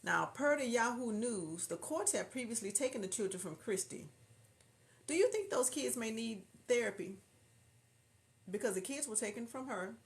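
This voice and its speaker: A woman from Houston with a Southern drawl, hosting a casual livestream, chatting and reading viewer comments aloud. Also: medium pitch. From Houston, Texas. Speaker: livestream host reading chat. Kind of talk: casual chat.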